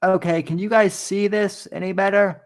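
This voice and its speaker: Male host with a fairly high voice, slow, hesitant and easygoing. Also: steady tone. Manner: easygoing, hesitant, many fillers. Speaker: show host. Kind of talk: casual online show chat.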